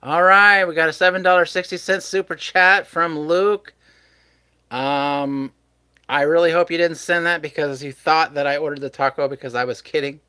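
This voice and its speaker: A man's voice: on the high side, fairly even intonation, moderate pace, pushed and bright, smooth, no echo. A man hosting a live stream, chatting casually with his viewers and chuckling often. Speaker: livestream host.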